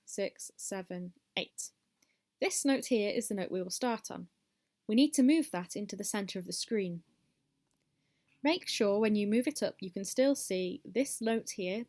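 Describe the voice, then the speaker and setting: A woman's voice: medium pitch, a little mellow. A woman teaching a music lesson step by step, counting beats aloud and encouraging the class.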